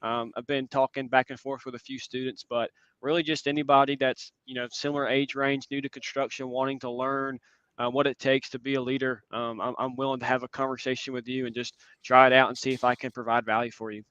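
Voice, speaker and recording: Earnest young man, bright crisp voice. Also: mid-range voice, level tone, a little fast, no room sound, highs cut off. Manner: earnest, reflective, frequent ums. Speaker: guest speaker. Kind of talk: casual conference talk.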